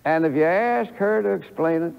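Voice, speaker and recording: An older man preaching a sermon to a congregation in a church, telling a folksy story with lively emphasis. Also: on the high side, normal speed, gravelly, smooth. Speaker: pastor. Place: church sanctuary before a congregation. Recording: echoey, dull old archival church recording.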